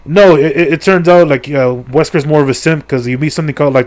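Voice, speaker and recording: A middle-aged man tells a game's story in a loose, rambling way, swearing constantly and throwing in crude jokes. His voice sits fairly high for a man, and he fills the gaps with "like" and "you know.". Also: fast, few pauses, a little mellow. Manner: rambling, profane, crude jokes, lots of fillers. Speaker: gaming video creator. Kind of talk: casual comedic game story recap.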